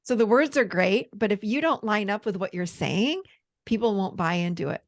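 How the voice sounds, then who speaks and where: A woman's voice: mid-range voice, moderate pace. A woman therapist and coach speaking as an interview guest, earnest and enthusiastic. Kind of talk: casual interview chat.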